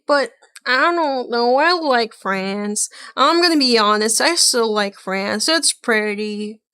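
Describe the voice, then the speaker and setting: A woman's voice: on the high side, fairly bright tone, clean tone, no room sound, clean studio sound. A woman streaming a reaction to a video, chatting casually in a rambling, blunt way and swearing now and then.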